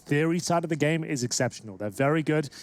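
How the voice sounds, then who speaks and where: A man's voice: on the high side, expressive, fast, darkish tone. A man giving color commentary on an esports match, chatty and full of fillers. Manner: chatty, filler-heavy analysis. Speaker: esports analyst. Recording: broadcast with gunfire behind.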